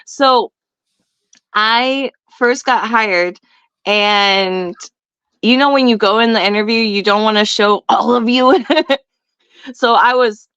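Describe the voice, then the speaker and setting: A young woman tells a story in casual chat, brash and profane, laughing often. Her voice sits fairly high, and the recording is dry and a little dull. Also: slow, pauses often, fairly bright tone, clean tone, dry recording. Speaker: guest.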